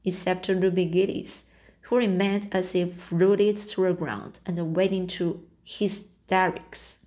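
A woman reading a novel aloud as an audiobook, in a halting way with frequent restarts. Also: lowish voice, a little mellow. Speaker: audiobook reader.

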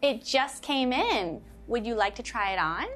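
A woman's voice: on the high side, expressive, measured pace, a bit bright. A woman reading a friendly shop assistant. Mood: helpful. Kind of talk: scripted textbook dialogue reading.

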